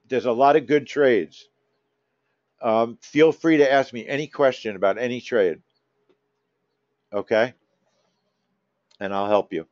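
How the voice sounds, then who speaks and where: Animated man coaching his trading room. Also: medium pitch, a little slow, pauses often, dry recording. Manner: animated, coaxing, teasing members by name. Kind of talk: live chat with trading room members. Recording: dull, dry lo-fi stream audio.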